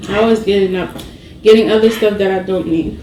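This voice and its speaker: A woman's voice: mid-range voice, steady tone, quick pace, mellow. A young woman hosting a casual eating vlog, playful and laughing often as she chats while eating. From Haitian heritage. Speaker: vlogger host. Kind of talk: casual mukbang chat. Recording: echoey room, slight noise.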